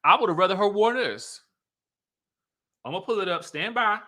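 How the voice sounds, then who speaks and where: Sassy, bright-voiced man, dry close sound. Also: high-pitched, moderate pace, dry recording. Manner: sassy, animated, playful drawl, repeats himself. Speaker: host. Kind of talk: casual live-stream commentary.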